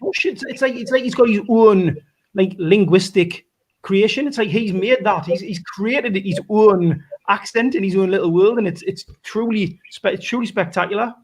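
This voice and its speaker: A man's voice: high-pitched, moderate pace. A man with a Geordie accent rambling through casual podcast chat, often correcting himself mid-sentence. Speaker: podcast co-host.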